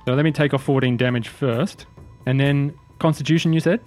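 A man as dungeon master running a tabletop game, briskly calling out rolls and damage. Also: medium pitch, fairly even intonation, darkish tone, faint music behind.

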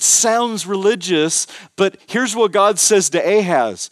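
A man's voice: high-pitched, animated, unhurried, few pauses, no echo, clean studio sound. A man preaching a sermon as pastor, emphatic, repeating words and building intensity. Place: church.

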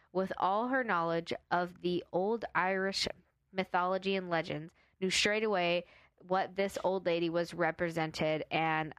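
A woman's voice: fairly low pitch, a bit bright, smooth, no room sound. A woman chatting casually and telling a story, laughing often and sometimes trying an Irish storytelling voice.

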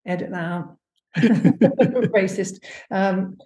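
In an echoey room, a woman who makes performance work is being interviewed in casual conversation. Her mid-range voice has a dark tone, and she draws out her words, searching hesitantly and filling gaps with lots of fillers.

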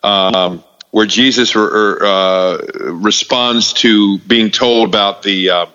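A man talking casually about faith, halting, with many fillers and restarts. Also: lowish voice, fairly even intonation, pushed and bright, smooth. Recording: distant hall echo, muffled sound.

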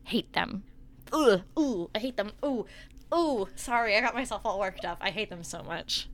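A woman's voice: medium pitch, lively intonation, moderate pace. A woman co-hosting a podcast, chatting casually and expressively, with casual swearing. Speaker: podcast co-host. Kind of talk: casual chat.

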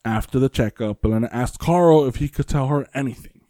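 A man's voice: mid-range voice, fairly quick, mellow, no echo, studio quality. Rambling podcast host, a man. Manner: rambling, many fillers and restarts. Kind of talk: casual storytelling chat.

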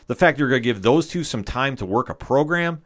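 A man's voice: medium pitch, animated, a little fast, a bit bright. A man co-hosting a casual podcast chat, talking at length in an enthusiastic, opinionated way. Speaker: podcast co-host. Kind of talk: casual chat about wrestling.

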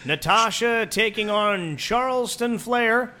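A man's voice: sits high, slow, bright, forceful tone, a little hiss or hum. A man co-hosting a podcast, riffing crude jokes and mock announcements with plenty of swearing. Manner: joking, profane, mock-announcer riffs. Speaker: podcast co-host. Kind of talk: crude comedic banter.

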